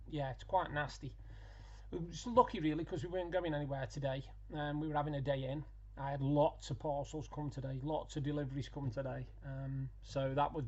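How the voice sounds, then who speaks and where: A man's voice: fairly high pitch, darkish tone, dull audio. A middle-aged man, chatting casually in a daily vlog and telling stories with plenty of ums and asides. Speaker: vlogger.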